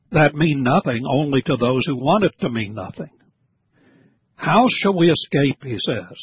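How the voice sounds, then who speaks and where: A man preaching a sermon in an emphatic, scolding way, leaning hard on slow stressed words. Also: medium pitch, slightly rough, dry recording. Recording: dull lo-fi dry recording.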